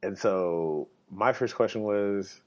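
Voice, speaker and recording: This podcast host speaks slowly in a fairly low pitch, coughing because he's unwell. His casual monologue is full of rambling, foul-mouthed stories and frequent laughter, captured on a dull lo-fi recording.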